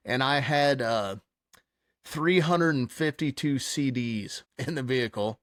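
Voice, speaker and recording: Guy telling a crazy story, mid-pitched, lively and cussing, dry mic. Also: a little slow, dry recording. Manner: animated, swearing, laughing storyteller. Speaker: podcast co-host. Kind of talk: casual storytelling chat.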